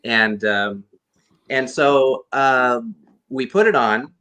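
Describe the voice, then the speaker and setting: Bright-voiced man telling a rambling story. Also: mid-range voice, drawn-out words. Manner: earnest, rambling storyteller with many restarts. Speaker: guest actor and costume performer. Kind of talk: casual storytelling interview.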